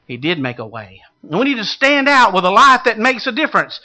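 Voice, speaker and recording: A man preaching a sermon, swinging from loud calls to hushed low asides. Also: lively intonation, fairly quick. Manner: dramatic shifts from shouting to hushed low tones.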